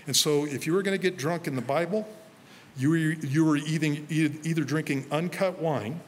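A man, a pastor, preaching a sermon to a congregation in a relaxed, conversational way, telling stories from his own life and quoting himself. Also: a little high, moderate pace, in a large hall, slight background noise. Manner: conversational, storytelling with self-quoted asides. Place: church sanctuary before a congregation.

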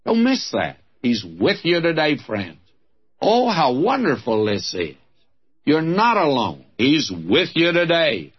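A man's voice: mid-range voice, slightly rough, lo-fi sound. A man with a Southern American accent preaching a radio Bible sermon, fervent and exclamatory, calling his listeners friends.

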